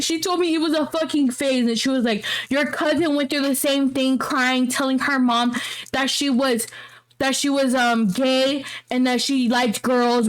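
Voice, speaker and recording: A young woman co-hosting a podcast, retelling a story in a casual, slangy, swearing way. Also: high-pitched. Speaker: podcast co-host.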